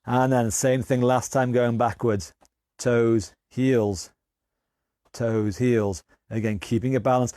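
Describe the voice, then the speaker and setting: A man's voice: mid-range voice, steady tone, takes it slowly, dark tone, no room sound. Man, fitness instructor, encouraging, counts down reps, dry close sound. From England. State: a bit out of breath. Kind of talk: live online exercise class.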